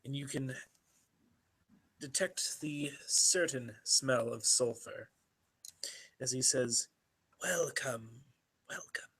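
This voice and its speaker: Gravelly slow-talking male game master. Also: medium pitch, steady tone, fairly bright tone. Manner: slow, descriptive, deliberate. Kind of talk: narrating a tabletop game.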